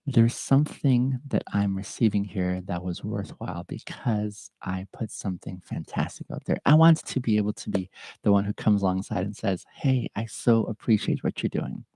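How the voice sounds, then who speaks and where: Speaking in a lowish, warm voice that is creaky with a breathy edge, a middle-aged podcast host delivers a reflective solo monologue at a moderate pace, with no room sound. He's earnest, heartfelt, and openly emotional, sniffling through a stuffy nose.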